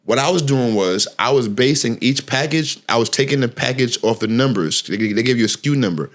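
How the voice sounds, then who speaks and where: Slangy animated storytelling man. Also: mid-range voice, a little fast. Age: middle-aged. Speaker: podcast host. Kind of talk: casual storytelling chat.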